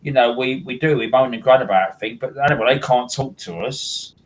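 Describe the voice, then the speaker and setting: A man's voice: medium pitch, fairly quick, poor audio. Rambling man chatting. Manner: rambling, repeats words and restarts. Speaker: host. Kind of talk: casual chat.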